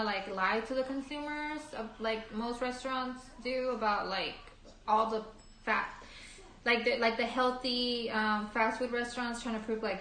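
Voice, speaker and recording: A woman's voice: fairly high pitch, a bit bright, slight background noise. A woman co-hosting a casual chat with her husband, talking chattily with many fillers. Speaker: co-host. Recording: roomy echo.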